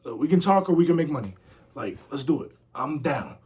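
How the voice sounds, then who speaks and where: A man's voice: on the high side, lively intonation, brisk, darkish tone. A man talking casually in an interview, brash and boastful with lots of slang and trash talk. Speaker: interview guest, former pro wrestler. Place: a house.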